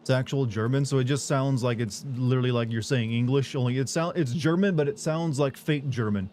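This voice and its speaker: A man's voice: mid-range voice, a little fast, darkish tone, slight background noise. A man streaming a video game, chatting casually with viewers in a rambling, filler-heavy way with frequent swearing. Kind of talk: casual live stream chat.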